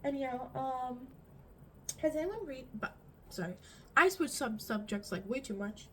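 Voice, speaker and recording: A teenage girl talks through her makeup in a high, bright voice, rambling from one story to the next with lots of "like"s. She sounds close to a phone mic in her bedroom, with a faint hum of room ambience behind her. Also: measured pace, low-quality recording. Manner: rambling, animated storytelling with frequent fillers. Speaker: vlogger. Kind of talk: get-ready-with-me chat.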